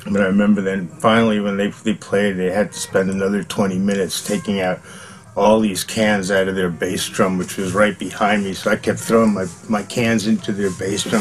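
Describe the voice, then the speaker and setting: A middle-aged man in a documentary interview, telling rowdy band stories in an animated, profane way and acting out what people said. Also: lowish voice, moderate pace. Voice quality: profane, animated storyteller who acts out quotes with laughs. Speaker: former bandmate interviewed for a documentary. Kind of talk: casual storytelling interview.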